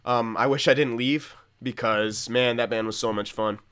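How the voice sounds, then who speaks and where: Young male gaming host, bright voice, frank and rambling, self-mocking laugh. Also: mid-range voice, fairly even intonation, normal speed, clear, resonant tone. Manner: candid, rambling, swears often, laughs at himself. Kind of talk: casual gameplay commentary.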